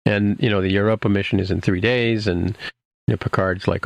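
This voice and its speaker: Podcast host, male, low and gravelly, casual rambling recap with lots of ums. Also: fairly even intonation, fairly quick, no echo. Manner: rambling, many fillers and restarts.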